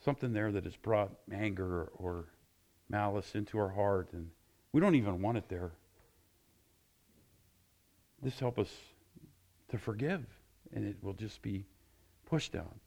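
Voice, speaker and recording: A male pastor preaching with passion, closing his sermon in prayer and getting louder and higher when excited. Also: normal speed, gravelly. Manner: passionate, rising loud and high when excited.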